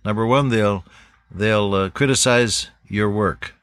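An older man preaching a sermon to pastors in a folksy, unhurried way, with many pauses and uh's. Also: fairly low pitch, fairly bright tone, no room sound.

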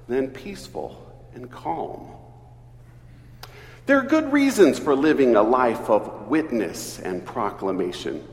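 Slow, lively-voiced preaching priest. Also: male voice, sits high. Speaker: Episcopal priest. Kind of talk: sermon. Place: church. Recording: echoey church hall, distant mic.

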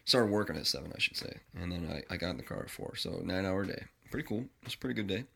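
Man, podcast host, gravelly low voice, bright edge, blunt swearing rant. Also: animated, fast, slight background noise. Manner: profane, blunt and rambling. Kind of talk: casual ranting monologue.

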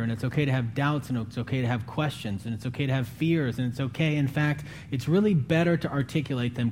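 A man preaching a sermon in an earnest, conversational way, his voice climbing higher when he pleads. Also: mellow, a little hiss or hum. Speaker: pastor.

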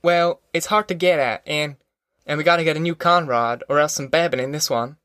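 A man's voice: a little high, steady tone, a little fast, fairly bright tone, clear, resonant tone, no echo, studio quality, natural voice. A man doing touchy teenage farm boy. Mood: defensive. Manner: rural dialect, complaining.

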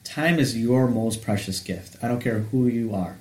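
A man's voice: mid-range voice, moderate pace, darkish tone. Male co-host, sincere and reflective, roomy echo on the voice. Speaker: podcast co-host. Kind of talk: casual faith-based chat.

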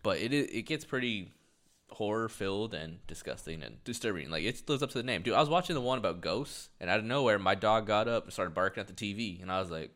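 A man co-hosting a casual podcast, swearing freely and retelling a story with animated quoted lines. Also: fairly low pitch, fast talker. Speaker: podcast co-host. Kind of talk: casual chat.

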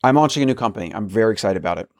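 A man's voice: on the low side, expressive, rapid-fire, darkish tone, dry recording, clean studio sound. A man hosting a solo podcast, talking earnestly in a rambling way with frequent restarts. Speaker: podcast host.

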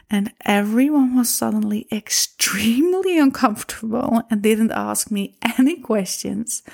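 Reflective woman with a gravelly fry. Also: on the high side. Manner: emotional and reflective, with soft laughs and a few grammar slips. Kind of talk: personal storytelling.

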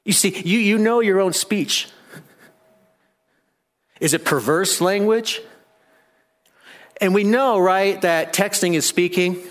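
A man's voice: sits high, takes it slowly, long pauses. A man preaching a sermon, earnest and emphatic, asking the congregation many questions. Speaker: pastor.

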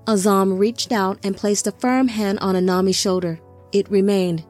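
A woman narrating an audiobook in slow, deliberate scripted narration. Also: mid-range voice, steady tone, darkish tone, soft background music.

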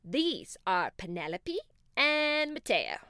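Woman doing a melodious male unicorn, cheerful, friendly guide, storybook voice, lively ups and downs, unhurried. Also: fairly high pitch, smooth, no echo, studio quality, heavily acted. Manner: melodious, bright and welcoming. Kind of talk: storybook character voice.

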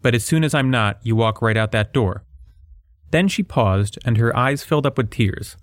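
A man's voice: mid-range voice, lively intonation, moderate pace, dry recording, clean studio sound. A man co-hosting a podcast, reading a book passage aloud and then mocking it with sarcastic jokes and frequent laughter. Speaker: podcast co-host.

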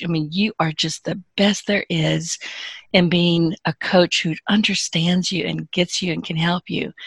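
A woman's voice: fairly low pitch, fairly bright tone, dry recording. A woman, a podcast guest who gives business advice in a frank, emphatic and joking way. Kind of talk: casual interview advice.

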